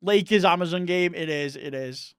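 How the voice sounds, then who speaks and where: Young East Scottish male streamer, rambling casual chat, smooth resonant voice. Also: on the high side, normal speed, no echo, studio quality. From Scotland. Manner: chatty and rambling, talks to chat viewers.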